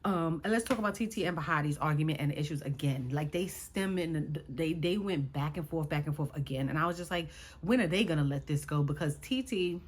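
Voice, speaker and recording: A woman's voice: low-pitched, a little fast, slightly rough. A woman recapping a reality show in casual chat, sassy and exasperated as she talks to her viewers.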